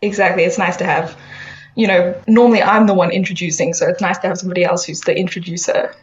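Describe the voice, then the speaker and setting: A woman's voice: on the low side, steady tone, fast. A woman from South Africa, a podcast guest chatting casually and laughing easily. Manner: laughing, easygoing. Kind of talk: casual chat. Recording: slightly dull lo-fi sound.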